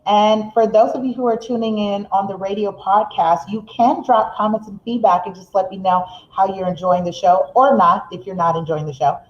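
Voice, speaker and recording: A middle-aged woman hosting a live motivational show, seated, speeding up when excited and slowing to make a point, reading viewer comments aloud. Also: medium pitch. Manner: reads viewer comments aloud, laughs often. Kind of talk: live-streamed motivational talk. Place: seated indoors in a room. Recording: roomy, slightly dull live-stream audio.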